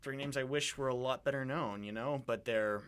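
A young man co-hosting a radio talk show, his voice bright and clear. He speaks at an ordinary middle pitch, musing his way through each thought with frequent restarts and fillers. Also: normal speed. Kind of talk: casual discussion.

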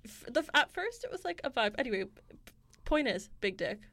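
Young woman, kinda high voice, blunt and teasing, laughs a lot. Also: sing-song, a little fast, a bit bright, no room sound. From Canada. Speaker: podcast co-host. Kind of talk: casual candid chat.

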